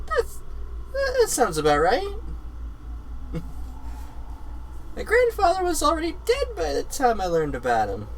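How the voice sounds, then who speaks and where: A man voicing a woman on a radio call in a high falsetto, stammering and hesitant. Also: wildly swooping pitch, unhurried, pauses often, slight background noise, full character voice. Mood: flustered.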